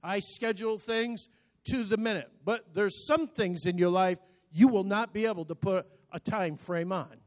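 A man in his sixties delivers a sermon in a notably high voice. He preaches emphatically, swinging between loud and hushed. He often repeats a word as he starts a phrase. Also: normal speed. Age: 60s. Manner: emphatic, dynamic preaching with sudden swings in loudness. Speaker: pastor.

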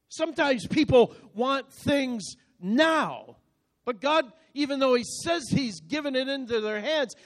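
A man in his sixties preaching a sermon as pastor, speaking emphatically with sudden swings between loud and soft, and often repeating words as he starts a phrase. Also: very high-pitched. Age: 60s.

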